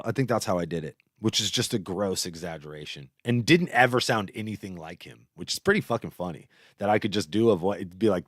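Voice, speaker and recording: A man with a fairly low voice that swings up and down a lot as he rambles through stories. He talks casually and swears freely, in a dry, close sound with no room echo. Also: fairly quick. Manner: profane, animated storytelling. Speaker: host.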